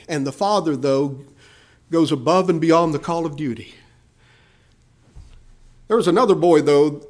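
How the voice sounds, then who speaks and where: A man preaching a sermon, asking the listeners questions and acting out the voices of the people in his story. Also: high voice. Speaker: pastor.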